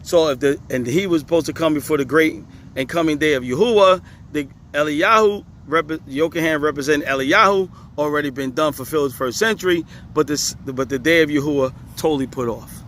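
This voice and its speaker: Here the scripture teacher's voice sits on the high side and sounds a bit bright, moving fairly quickly with few pauses over a little hiss or hum. In this casual video he keeps stressing his points through repetition and laughs frequently.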